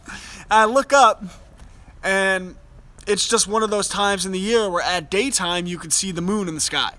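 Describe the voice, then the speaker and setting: Outdoors beside a fire, a young male host speaks live in a casual chat, earnest and enthusiastic, often restarting his sentences. His voice is high, bright and forceful at a normal speed, and the recording quality is low.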